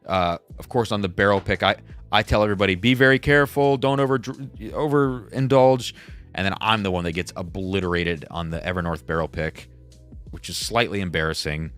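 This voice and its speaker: A man's voice: low-pitched, fairly even intonation, a little fast, fairly bright tone, soft background music. A man hosting a casual livestream, rambling and self-deprecating as he reads viewer chats aloud. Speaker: livestream host.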